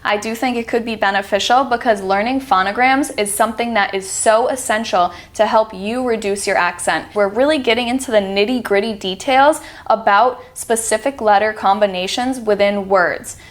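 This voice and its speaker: A woman's voice: medium pitch, moderate pace, hardly any pauses. A woman teaching a reduction lesson, patiently demonstrating sounds and drawing out example words. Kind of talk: instructional video lesson.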